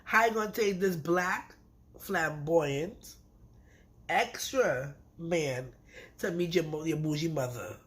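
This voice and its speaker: A woman giving a casual recap of a reality TV episode, talking in an animated, emphatic way and repeating words for effect. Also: deep voice, slow pace. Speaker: reality TV reviewer.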